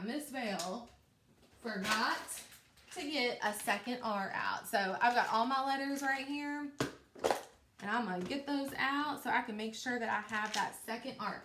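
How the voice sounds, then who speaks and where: A woman teacher giving a patient, encouraging phonics lesson to young children, speaking clearly and slowly. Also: a little high, noisy background. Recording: echoey room.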